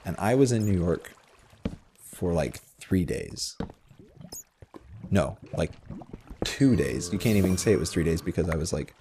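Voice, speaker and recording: Male gamer host, deep and lively in pitch, filler-heavy, self-deprecating, recorded over a noisy mic. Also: measured pace, pauses often. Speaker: Minecraft video host. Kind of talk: casual storytelling while playing a game.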